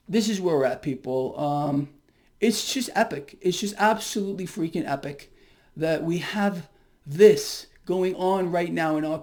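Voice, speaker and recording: A man's voice: sits high, darkish tone. A man with a Brooklyn accent giving a fired-up, emphatic market commentary rant to his viewers. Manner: hyped-up, emphatic, swearing.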